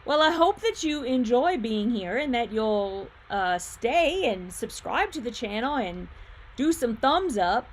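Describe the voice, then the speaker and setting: Chatty woman livestream host, brightish voice. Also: a little high, big pitch swings, a little slow. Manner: chatty, thinks aloud while fiddling with her screen; laughs easily, hums filler sounds. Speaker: livestream host and quilt shop owner. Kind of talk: casual livestream chat reading viewer comments.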